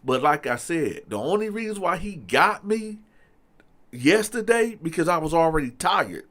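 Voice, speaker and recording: Man, casual storytime monologue, animated, addresses the audience, swooping expressive pitch. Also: moderate pace. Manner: animated, talks straight to the audience, lots of fillers. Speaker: storyteller host.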